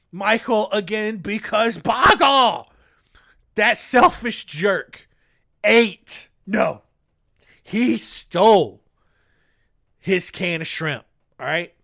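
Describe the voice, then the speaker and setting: A man's voice: high voice, pushed and bright. Rambling jokey male podcast host. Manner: rambling, jokey, self-interrupting. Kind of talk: comic storytelling.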